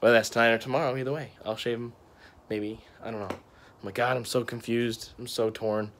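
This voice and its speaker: A man's voice: mid-range voice, fairly even intonation, a little fast, a bit bright, a little hiss or hum. A young man chatting casually in a vlog, rambling and undecided, sweaty and a bit winded after a run, walking outdoors and talking into a handheld phone camera. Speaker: vlogger.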